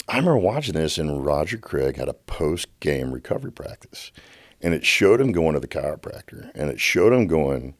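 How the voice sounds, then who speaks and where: A middle-aged man with a drawl and a strikingly deep, low voice tells stories as a podcast guest. He talks with passion, stumbling over repeated words and restarting his sentences. The sound is close and dry, with no room echo. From United States. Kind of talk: passionate storytelling. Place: podcast studio.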